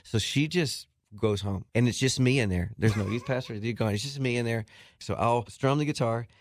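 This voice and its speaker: Guy spinning a funny story on the radio, mid pitch, jumps into silly voices, dry close mic. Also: moderate pace, dry recording. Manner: acts out voices with big jumps in pitch and laughs. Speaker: guest musician telling a story. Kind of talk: animated storytelling. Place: radio studio.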